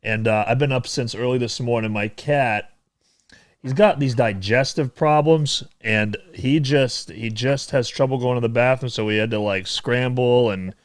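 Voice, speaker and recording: A man's voice: mid-range voice, normal speed, no echo. A man hosting a casual podcast chat, rambling and jokey, tired from an early start. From United States. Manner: rambling, jokey, many fillers. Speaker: podcast host. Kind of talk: casual chat over a video call.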